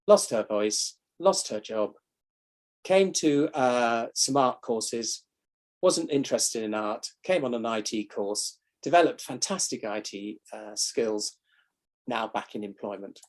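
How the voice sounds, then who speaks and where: A man at a middle pitch, a family doctor, gives an online briefing. He walks through slides with enthusiasm and tells stories about his practice, often quoting people directly. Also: darkish tone. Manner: enthusiastic storytelling, quotes others directly. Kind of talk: illustrated talk to an online audience. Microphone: online talk recording.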